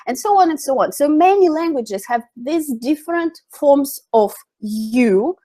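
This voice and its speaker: A woman's voice: sits high, lively intonation, a little slow, few pauses, warm tone. A woman with a Russian accent teaching English communication in a webinar, chatty with frequent fillers. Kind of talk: webinar lesson.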